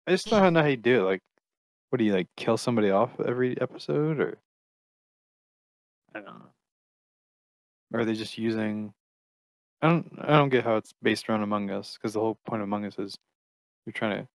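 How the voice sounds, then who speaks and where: A man co-hosting a gaming podcast, chatting offhandedly and reading news articles aloud in a plain, steady way. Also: lowish voice, normal speed, pauses often, no room sound, studio quality. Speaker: podcast co-host.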